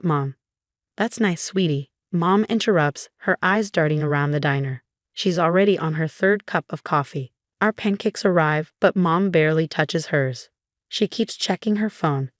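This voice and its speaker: A woman reading a first-person story aloud in a steady, even narration. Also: lowish voice, no echo, clean studio sound. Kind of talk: scripted narration.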